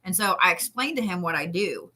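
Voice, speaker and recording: Bright-voiced woman telling stories. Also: fairly low pitch, brisk. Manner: animated, frequent laughter, swearing. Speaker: interview guest, pro wrestler. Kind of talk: casual storytelling chat.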